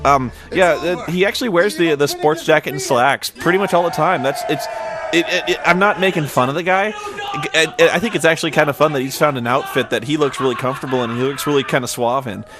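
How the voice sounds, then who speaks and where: A man's voice: on the high side, a little fast. Rambling man over background music. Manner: rambling, many restarts and fillers, laughs often. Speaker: commentary host. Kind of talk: casual DVD commentary.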